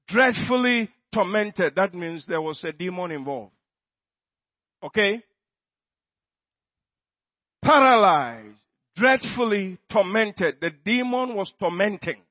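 High-voiced preacher, slow and emphatic. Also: male voice, dry recording, muffled recording. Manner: slow, emphatic, repeats phrases, bursts into shouted prayer. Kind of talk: sermon with healing prayer.

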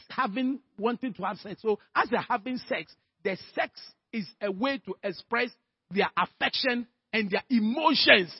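A man's voice: sits high, slightly rough, no room sound, dull audio. A man preaching a sermon, calling for amens and telling stories to make his point. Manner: rhetorical, calls for amens, storytelling.

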